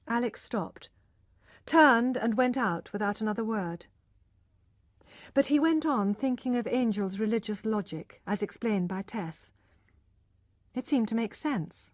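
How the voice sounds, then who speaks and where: A woman's voice: on the high side, a little slow, long pauses, no echo. Give me a woman reading a learner audiobook steadily, with a dry close sound. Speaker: narrator. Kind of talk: scripted audiobook narration for learners.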